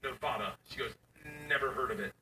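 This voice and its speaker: A man's voice: medium pitch, a little fast, faint music behind. A middle-aged man doing stand-up, acting out his daughters' voices as he tells the story. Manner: animated, acts out his daughters in quoted voices. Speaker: stand-up comedian. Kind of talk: stand-up set before a live audience. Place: comedy venue. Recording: echoey venue, distant mic, audience noise.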